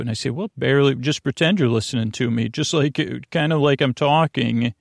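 Man, sleep podcast host, gravelly voice, dry close sound, rambling and soft-spoken. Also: medium pitch, brisk, no echo. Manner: meandering, self-interrupting, soft-spoken. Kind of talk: rambling bedtime monologue.

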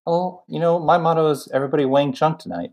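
A young adult man co-hosting a podcast, talking in animated tangents full of fillers. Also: a little high, quick pace. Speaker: podcast co-host. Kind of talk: casual film recap chat.

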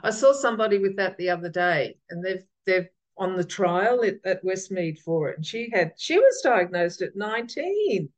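A woman with a gravelly voice, chatting casually as a podcast guest and often restarting her sentences. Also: mid-range voice, sing-song, moderate pace, few pauses, low-quality recording. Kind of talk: casual interview chat.

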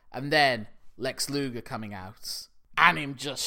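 A man's voice: mid-range voice, moderate pace, hardly any pauses, pushed and bright. A man in casual chat, animatedly acting out scenes and swearing freely.

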